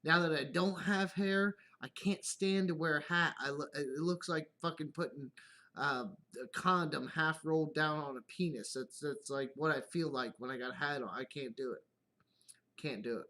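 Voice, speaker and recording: A man's voice: a little high, normal speed, pushed and bright. A man hosting his own live stream, rambling through casual stories about his kids with plenty of swearing and laughter. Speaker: YouTube channel host.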